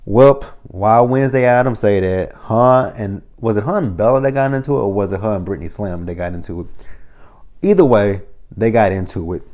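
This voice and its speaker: A man recapping a reality TV episode in a casual monologue, blunt and profane. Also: fairly low pitch. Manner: blunt, profane, animated storytelling.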